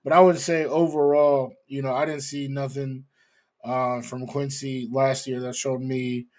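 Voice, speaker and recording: A young man hosting a sports podcast, talking casually in a relaxed way with lots of "you know" and "um". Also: medium pitch, unhurried. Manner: relaxed, hedging with many fillers. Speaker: podcast host.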